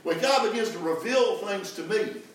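A preacher man delivers a fervent sermon, calling out to his congregation for answers. His fairly high voice rings through a very echoey church hall. He is heard from a distance on the mic, with faint room noise behind him. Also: expressive, moderate pace. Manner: fervent, calls for congregation responses. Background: congregation answering amen.

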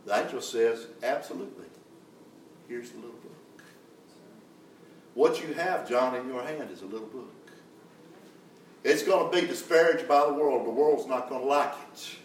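In an echoey church hall, a mid-range male voice preaches fervently at a moderate pace, heard from a distant mic. He keeps calling out to the congregation, who reply amen, with slight noise in the background.

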